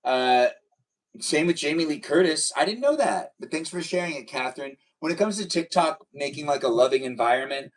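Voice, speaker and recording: A man's voice: fairly high pitch, animated, a little fast, recorded from a distance, low-quality recording. A man hosting a casual livestream, rambling and tired, with lots of filler words. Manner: chatty, rambling with many likes and restarts. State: tired, yawning. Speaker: livestream host.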